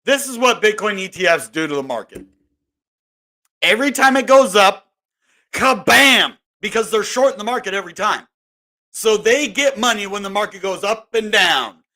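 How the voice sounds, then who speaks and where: A man talking through the crypto market in a loose, rambling way, restarting sentences and sounding fed up. His voice sits a bit high for a man. It has a bright, forceful tone. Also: lively intonation, normal speed. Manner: rambling, exasperated, self-interrupting. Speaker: crypto video host. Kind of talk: casual market commentary.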